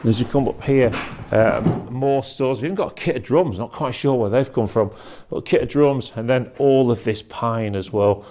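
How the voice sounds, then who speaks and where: A man's voice: medium pitch, normal speed, few pauses, mellow, a little hiss or hum. A man giving a chatty walking tour of a large industrial workshop, pointing out items to be auctioned. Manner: chatty, pointing things out on the move.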